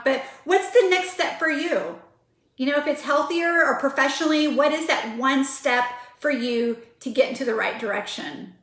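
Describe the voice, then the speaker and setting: Upbeat, high-voiced motivational woman, echoey room. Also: fairly bright tone. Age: 40s. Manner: earnest, pep-talk, emphatic. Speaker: vlogger. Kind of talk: motivational talk to camera.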